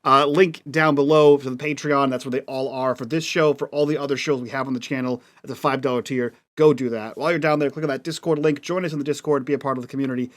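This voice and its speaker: A man's voice: medium pitch, fairly even intonation, fast, few pauses. A man hosting, wrapping up a tabletop game stream in a loose, chatty way with casual swearing. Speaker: host. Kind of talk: casual show outro.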